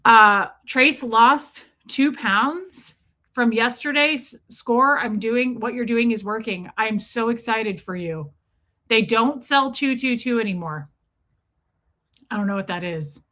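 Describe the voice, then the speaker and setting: A woman's voice: fairly high pitch, slow, bright, forceful tone. A woman hosting a casual livestream, chatting and greeting viewers by name in an affectionate way. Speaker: livestream host.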